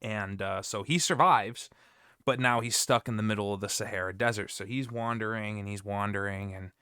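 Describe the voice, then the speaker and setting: A man's voice: fairly low pitch, moderate pace, bright, forceful tone, clear, resonant tone, no echo, clean studio sound. A man telling a long joke in a casual chat with friends, easygoing. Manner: easygoing storyteller with fillers.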